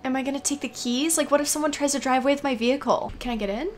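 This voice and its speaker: A woman's voice: sits high, rapid-fire, a little hiss or hum. A young woman giving casual gameplay commentary, talking to herself in a jittery, anxious way and repeating her worries over and over. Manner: jittery, anxious self-talk, repeating fearful phrases. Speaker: let's play gamer.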